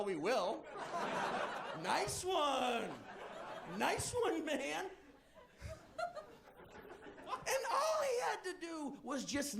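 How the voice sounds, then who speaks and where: A man doing stand-up, telling a profane story in a playful, animated way to a live audience. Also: sits high, creaky, noisy background. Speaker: stand-up comedian. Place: comedy stage before a live audience. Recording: live crowd laughter.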